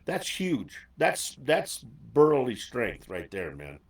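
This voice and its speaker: A man hosting a casual chat and telling loose, animated stories. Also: medium pitch, slow pace, echoey room, recorded from a distance. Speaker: host.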